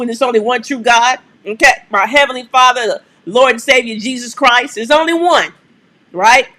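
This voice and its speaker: Host brief: a woman with a bright, forceful voice, preacherly call-and-response cadence, coaxing viewers on a live stream. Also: on the high side. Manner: emphatic, repeats "okay?" and "come on", coaxing the audience.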